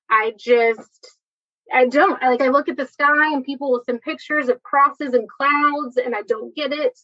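A woman, telling her personal story in a chatty, earnest way with quick asides. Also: sits high, highs cut off. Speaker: guest sharing personal story.

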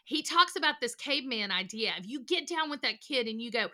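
Here a podcast guest who works as a counselor, a middle-aged woman, talks fairly quickly in a high voice. Her storytelling is lively, full of energy and little character voices.

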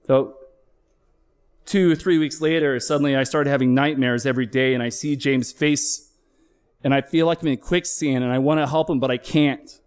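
His voice medium-pitched, clear, and resonant, with fairly even intonation, a middle-aged flight paramedic tells a true story of his own on stage. He is frank and emotional, swears now and then, and slows down to emphasize.

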